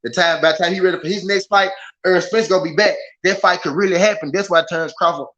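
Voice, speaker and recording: A man with a Southern American accent hosting a casual boxing livestream, talking to his chat in an animated, repetitive way. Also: high voice, fast talker. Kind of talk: casual live commentary. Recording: slightly dull lo-fi stream audio.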